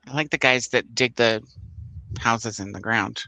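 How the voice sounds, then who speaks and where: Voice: mid-range voice, a little slow, sharp tone, dry recording, poor audio. An American co-host chatting casually on a livestream and weighing in with opinions. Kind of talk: casual chat.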